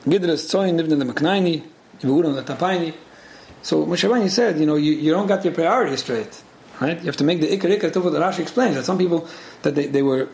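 Fast-talking rabbi with gravelly voice. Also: male voice, fairly high pitch, a little mellow. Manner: quick, repetitive, with many restarts and Hebrew and Yiddish terms. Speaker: rabbi teaching a weekly class. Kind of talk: casual Torah lesson. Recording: echoey room with faint background noise.

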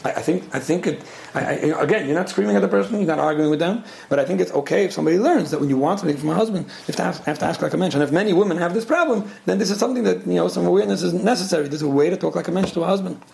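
An earnest man answers listener questions about relationships, speaking fast and often repeating a phrase to drive it home. His voice sits a little high and has a gravelly edge. The recording has a roomy echo and a faint hum of ambience behind it. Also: darkish tone. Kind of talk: relationship advice talk.

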